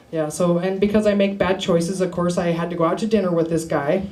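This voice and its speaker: A woman's voice: fairly low pitch, a little slow, crowd noise. A woman performing a stand-up comedy set at an open mic, playful and laughing at her own jokes. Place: small bar open mic. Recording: noisy live room recording.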